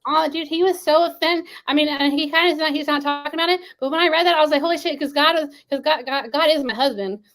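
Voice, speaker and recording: A woman's voice: high-pitched, fast talker, hardly any pauses, fairly bright tone. A woman being interviewed as a guest, rambling with many restarts and fillers. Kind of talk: casual interview talk.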